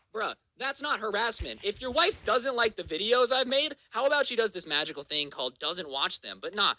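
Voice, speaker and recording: Young man, twenties, high bright voice, very animated, sarcastic storytime rant. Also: no echo, poor audio. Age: 20s. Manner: sarcastic, mocking, insult-heavy. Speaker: YouTuber.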